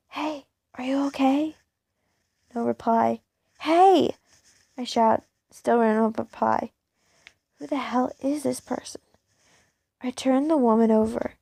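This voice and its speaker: A woman reading her own first-person fan fiction aloud, halting and stopping to correct her own slips. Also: on the high side, gravelly, mellow, no echo, studio quality. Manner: halting, stumbles and corrects herself.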